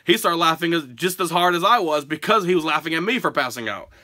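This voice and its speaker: A man from Pennsylvania telling stories and answering viewer questions in a casual, animated home vlog, often breaking into laughter. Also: fairly high pitch, fast. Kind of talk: casual storytelling Q&A. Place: his home.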